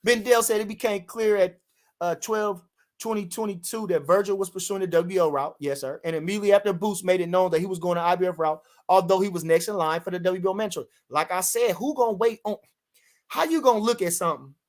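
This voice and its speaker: A man's voice: sits high, fast. A man, reading chat comments on a livestream and reacting in a brash, profane way that repeats points for emphasis.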